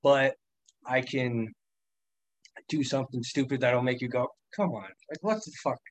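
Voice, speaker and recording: On a podcast, a young male guest chats casually, spinning profane, meandering stories and laughing frequently. He speaks a little slowly in a mid-range, flat voice, and the audio is poor but free of echo.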